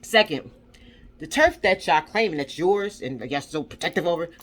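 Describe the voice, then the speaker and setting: A woman's voice: fairly low pitch, animated, moderate pace, a bit bright. Heated, swearing woman vlogger. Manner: heated, profane, repetitive, rhetorical questions. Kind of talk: angry commentary rant.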